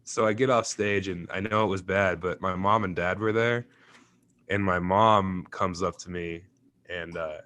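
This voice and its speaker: A young adult man, a stand-up comedian, chats casually in an interview, with a voice that sits a little low. He tells stories with gusto, laughs often and slips into mimicking other people's voices. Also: fairly even intonation, measured pace, a bit bright.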